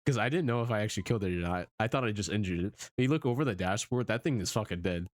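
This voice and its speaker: Swearing, animated young man telling a story. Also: fairly low pitch, racing, dry recording. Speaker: streamer. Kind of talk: casual storytelling chat.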